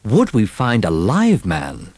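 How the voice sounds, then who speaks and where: A man narrating a children's storybook recording in a lively, expressive telling. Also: fairly low pitch, slow, noisy background. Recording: old storybook record with music.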